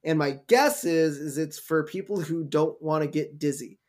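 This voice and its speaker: A man's voice: on the high side, normal speed, darkish tone. Rambling man casually recapping a cartoon. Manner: rambling, filler-heavy retelling of scenes. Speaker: podcast co-host. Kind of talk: casual chat.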